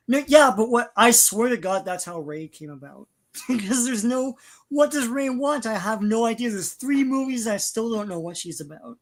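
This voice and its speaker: A man's voice: extremely high pitch, lively intonation, moderate pace. A man hosting a casual podcast chat, talking in a critical, rambling way with frequent restarts. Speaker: podcast host.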